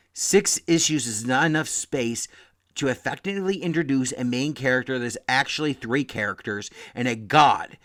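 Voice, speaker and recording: A young man talking casually about comics, rambling, swearing freely and loudly acting out quotes. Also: medium pitch. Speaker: comic book podcast host. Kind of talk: casual comic review rant.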